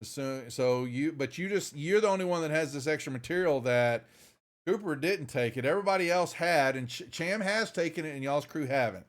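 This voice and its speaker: Guy running a tabletop game on stream, rambles and restarts, kinda high pitched. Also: animated, a little fast. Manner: rambling, restarts often, greets viewers. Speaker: game master.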